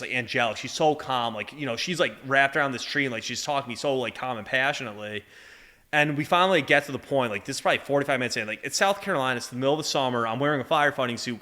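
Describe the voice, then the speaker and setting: A man's voice: medium pitch, bright, forceful tone. A man in his thirties from Massachusetts, a firefighter guest telling a story casually and rambling with constant filler words.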